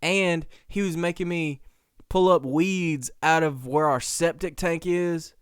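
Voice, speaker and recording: A young man hosting a podcast, telling a story in a casual, animated way with slang and frequent laughter. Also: a little high, slow, clean tone, no room sound, clean studio sound. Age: young adult. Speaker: podcast host.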